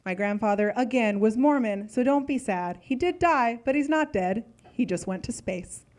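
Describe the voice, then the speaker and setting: A woman's voice: a little high, animated, normal speed, darkish tone. A young adult woman performing a stand-up comedy set, talking in a chatty way full of "like" fillers.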